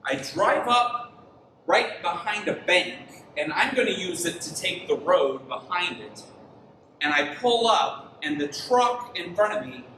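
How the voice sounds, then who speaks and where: A man in his thirties delivers a sermon with lively, animated storytelling, his high voice bright and ringing. He sounds worn out from lack of sleep. The mic sits back from him in an echoey church room with a faint hum of ambience. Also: slow, recorded from a distance. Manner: animated storytelling, rising to near-shouts in frustration. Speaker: pastor. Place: church sanctuary.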